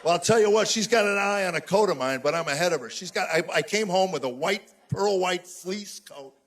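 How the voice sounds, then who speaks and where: A man's voice: high-pitched, animated, brisk, fairly bright tone. A man in his sixties doing a stand-up routine on a live stage, telling exasperated stories with punchy mock outrage. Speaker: stand-up comedian.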